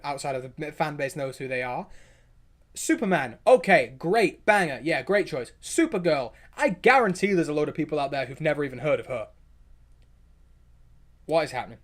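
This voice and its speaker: Eager and rambling, the man hosting this livestream speaks in a fairly high voice while responding to viewer comments. He restarts quickly and drops in opinionated asides throughout the casual chat.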